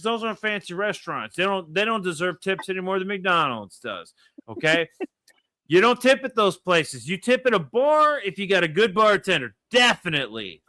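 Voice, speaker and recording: A man's voice: high voice, pushed and bright, dry recording. A man co-hosting a casual chat, blunt and profane. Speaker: co-host.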